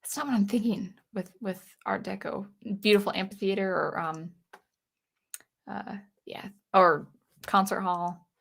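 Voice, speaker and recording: A woman's voice: mid-range voice, fairly even intonation, measured pace, creaky, fairly bright tone. A woman hosting a casual livestream for a music channel, reading viewer comments and rambling with frequent restarts.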